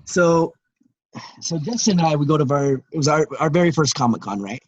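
A man's voice: a little high, fairly quick, no echo. Middle-aged man telling a story. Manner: animated storyteller, lots of fillers and restarts. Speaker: podcast co-host. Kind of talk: casual podcast chat.

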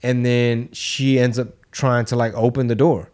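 A man's voice: mid-range voice, level tone, measured pace, darkish tone. A man co-hosting a podcast, telling a story in loose, profane slang and acting out the quotes. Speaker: podcast co-host. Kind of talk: casual chat, storytelling.

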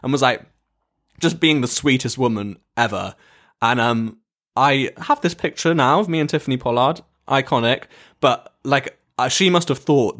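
A young English man in his twenties telling a casual story to camera, animated, laughing often and swearing freely. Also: medium pitch, normal speed. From England. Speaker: vlogger.

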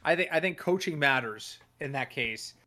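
A man hosting a casual sports podcast, talking in an animated way, swearing and acting out what other people said. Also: on the high side, moderate pace. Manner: animated, swears, acts out quoted voices. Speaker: podcast host.

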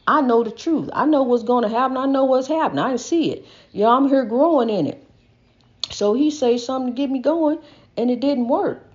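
A woman's voice: mid-range voice, highs cut off. An older woman giving an impassioned, rambling spiritual monologue, repeating her points with emphasis. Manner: preachy, repetitive, emphatic, rambling.

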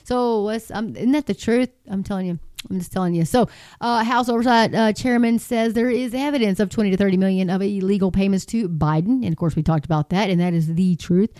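A woman's voice: mid-range voice, fairly quick, warm tone, dry recording. A woman giving casual rambling commentary, chatty and earnest, with many fillers and repeated phrases. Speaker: commentary vlogger.

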